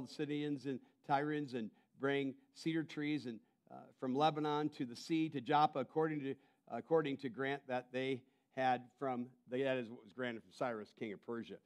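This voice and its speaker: A male pastor delivering a sermon in a fairly high voice. He swings from emphatic, raised calls to hushed, intense asides, often doubling back on words as he drives a point home. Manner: emphatic preaching, drops to quiet intensity; repeats words and restarts phrases.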